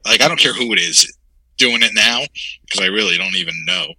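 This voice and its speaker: A man's voice: on the low side, bright, forceful tone, slightly rough, dry recording, poor audio. A man co-hosting a casual chat over a video call, talking eagerly and opinionatedly about wrestling. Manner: enthusiastic, quick opinionated wrestling fan. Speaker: podcast co-host.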